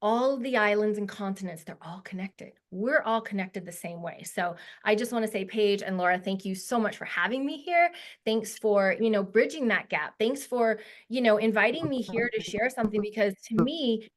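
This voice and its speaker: A woman in her forties speaks as a guest on a video call, her voice pitched in an ordinary middle range. She talks in a heartfelt, emotional way, chatty and full of little fillers. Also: normal speed. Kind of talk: casual presentation to a webinar audience.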